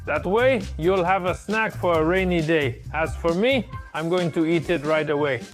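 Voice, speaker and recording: High-voiced man demonstrating a recipe. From Poland. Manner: friendly, explaining step by step. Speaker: cook. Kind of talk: casual cooking demonstration.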